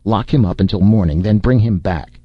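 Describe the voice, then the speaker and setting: A man's voice: fairly low pitch, fairly quick, no room sound, close to an everyday voice. A man voicing a brash, commanding male hero who barks orders with sardonic humor, in a storybook reading. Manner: bossy, sardonic, barking orders. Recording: dull, dry lo-fi recording.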